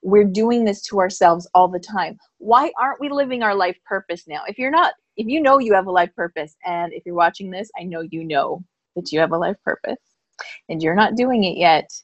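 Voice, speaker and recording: A woman tells a story on a live-streamed chat, animated and quick to laugh. Her voice sits at a middle pitch and sounds dry and close. The sound is a little muffled, the way a video call sounds. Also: dry recording. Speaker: podcast co-host and psychic reader.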